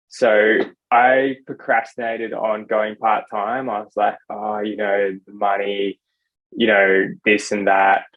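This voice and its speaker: A man's voice: lowish voice, a bit bright. Casual man, slightly muffled. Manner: casual, many "like" fillers. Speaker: podcast guest, software developer. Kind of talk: casual chat. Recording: slightly dull lo-fi sound.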